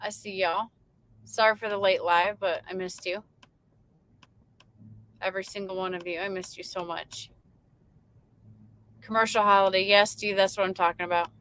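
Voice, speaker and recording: A woman's voice: medium pitch, steady tone, moderate pace, pauses often, a bit bright, low-quality recording. A woman, a truck driver, chatting casually on a late-night livestream and reading out viewer comments, rambling with lots of fillers.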